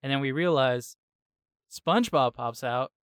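A man hosting a casual podcast, retelling a cartoon episode in a lively, slangy way with quick asides. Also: mid-range voice, clean tone, no echo, clean studio sound. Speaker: podcast host. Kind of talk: casual chat, episode recap.

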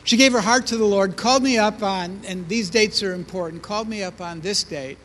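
A man's voice: sits high, a little fast, a bit bright, long reverb tail. An older man telling his testimony in a sermon, with humor, to a congregation. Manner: storytelling, self-deprecating humor. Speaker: preacher.

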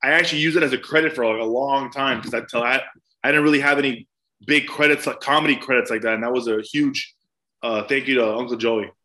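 A man who is a comedian and podcast guest, telling excited, profane stories and laughing often. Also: mid-range voice, fast. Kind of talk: casual chat.

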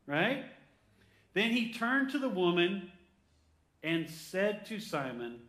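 A male pastor gives an energetic sermon in a somewhat high voice. He slows right down to read scripture and keeps drawing the congregation in with questions. The room around him is echoey. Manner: animated preaching, reads scripture slowly, asks the congregation for responses.

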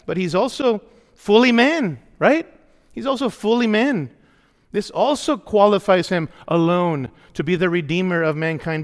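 Guy preaching hard in a church, repeats himself a lot, keeps asking the crowd stuff, big echoey hall. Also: sits high. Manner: emphatic preaching, repeating key phrases, asking the congregation questions. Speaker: pastor. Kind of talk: sermon. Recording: long hall reverb.

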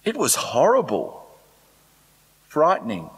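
A man voicing a male eyewitness who slowly retells a strange scene in a synagogue, in a reverberant hall. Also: fairly high pitch, huge pitch swings, breathy edge, heavily acted. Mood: awed.

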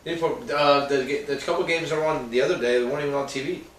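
Young man, podcast co-host, animated, self-mocking, profane, bright tone, roomy echo. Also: a little high, fast, recorded from a distance. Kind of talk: casual chat. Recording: echoey room, away from the mic.

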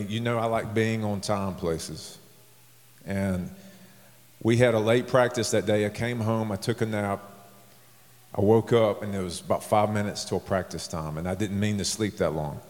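A man, a pastor, preaching a sermon in a conversational storytelling way, his voice lifting when he stresses a point. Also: fairly low pitch. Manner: conversational storytelling with rising emphasis. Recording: long reverb of a large hall.

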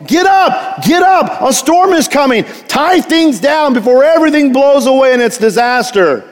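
A man playing a panicked male farmer, urgently shouting at his hired hand to get up. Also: extremely high pitch, lively intonation, moderate pace, big-room sound, pitched above the performer's own voice. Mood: alarmed.

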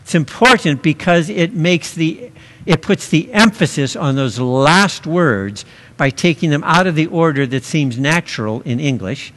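A male pastor delivers a sermon at a very unhurried pace, leaning on single words with long pauses between phrases. His voice sits a little higher than most men's, and a long reverb trails each phrase as if in a large church. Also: animated, fairly bright tone. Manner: slow, deliberate preaching with emphatic pauses on key words.

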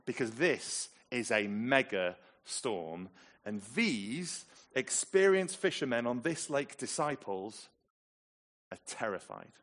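A man from England preaching a sermon, telling the story with lively, dramatic emphasis. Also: mid-range voice, takes it slowly.

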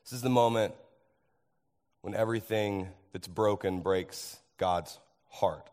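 A man preaching a sermon as pastor, his voice hoarse from overuse, animated and asking the congregation questions. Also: fairly low pitch, slow pace. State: hoarse, tired voice.

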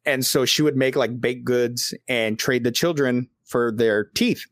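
A man's voice: medium pitch, a little slow, no echo. A man hosting a podcast in casual chat, telling stories loosely with lots of swearing and filler words. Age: adult father. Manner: loose and profane, full of fillers. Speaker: podcast host.

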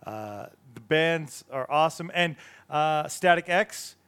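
A man's voice: a little high, animated, takes it slowly, a bit bright, clear, resonant tone. Upbeat middle-aged man talking music. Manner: enthusiastic, recommends bands. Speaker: podcast co-host. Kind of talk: casual chat.

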